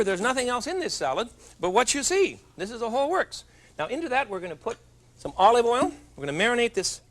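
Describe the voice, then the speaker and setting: A man's voice: sits high, a bit bright, a little hiss or hum. A middle-aged man hosting a television cooking show, chatty and jovial with joking asides as he demonstrates in a studio kitchen.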